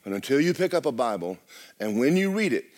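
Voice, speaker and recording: A middle-aged male pastor, preaching loudly and with life, often dropping to a hush. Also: mid-range voice, fairly quick. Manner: loud, lively preaching with sudden drops to a hush. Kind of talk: sermon. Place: church.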